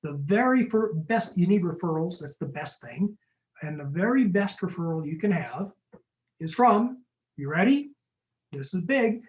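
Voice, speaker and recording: Fast-talking jokey man on a webinar. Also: high voice, animated, darkish tone, lo-fi sound. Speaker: startup lawyer presenting a webinar. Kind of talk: webinar talk with Q&A. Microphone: video call.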